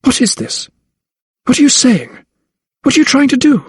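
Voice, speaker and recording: A fierce, desperate young noblewoman, as a male reader puts her on, her voice pushed high and strained as she pleads and cries out. The sound is dry and close, a storybook reading. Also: expressive, a little fast, darkish tone, breathy edge, no room sound.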